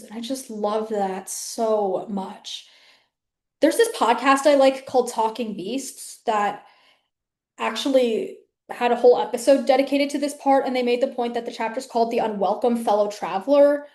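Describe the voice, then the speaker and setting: A woman's voice: fairly high pitch, moderate pace, dark tone. Chatty woman host, echoey room. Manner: chatty, many fillers and restarts. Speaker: video host. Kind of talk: casual rambling talk to camera.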